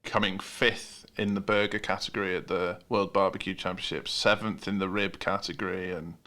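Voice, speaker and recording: A deep, steady voice with a bright, forceful edge belongs to a British podcast host speaking at a moderate pace. Over a casual interview chat, he laughs easily and keeps starting his phrases over.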